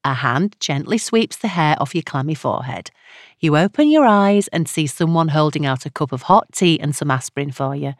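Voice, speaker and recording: A woman narrator voicing a soothing radio advice host of about fifty who speaks gently to her callers. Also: low-pitched, animated, normal speed, no room sound, clean studio sound. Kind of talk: audiobook character reading.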